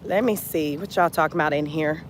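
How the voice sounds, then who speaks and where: A woman's voice: sits low, brisk, a little hiss or hum. Chatty woman doing live commentary. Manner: animated, chatty, addresses viewers as y'all. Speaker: commentary vlogger. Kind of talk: casual live-stream commentary.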